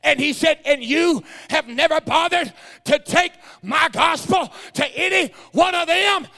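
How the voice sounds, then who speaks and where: A man preaching a sermon. He tells stories in a low voice, repeats words as he starts phrases, and builds up to shouting. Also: unhurried, creaky.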